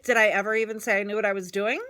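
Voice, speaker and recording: A woman's voice: mid-range voice, little pitch movement, rapid-fire, bright, forceful tone, clear, resonant tone. A middle-aged woman co-hosting a casual studio radio chat, telling stories with lots of laughter. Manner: chatty, laughing storyteller. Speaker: show co-host. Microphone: studio microphone.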